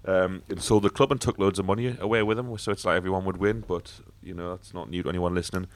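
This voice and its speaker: A man's voice: deep voice, fairly even intonation, fast talker, no room sound. A man hosting a casual football podcast, talking bluntly with swearing and frequent fillers. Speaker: podcast host.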